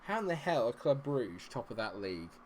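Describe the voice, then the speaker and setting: A man giving running commentary as a streamer, exasperated and muttering, with loud outbursts. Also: mid-range voice, very animated, a little fast, slight background noise. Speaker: gaming streamer. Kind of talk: live game commentary.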